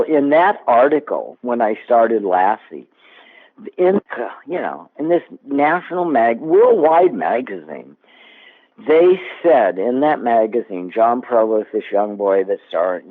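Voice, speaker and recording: A man in his seventies, a guest actor, telling stories in an animated, casual interview chat. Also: lowish voice, slow. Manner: animated storyteller. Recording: tinny phone-like line.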